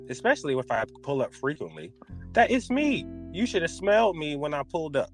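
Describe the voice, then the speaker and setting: Animated man telling stories on a podcast. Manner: animated storyteller, voice jumps high when reenacting panic. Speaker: podcast co-host. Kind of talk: casual chat.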